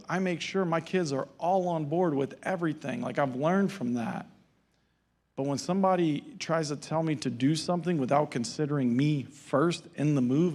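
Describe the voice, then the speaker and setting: A man's voice: on the high side, a little mellow. A male pastor giving a sermon in a casual storytelling manner and acting out the dialogue.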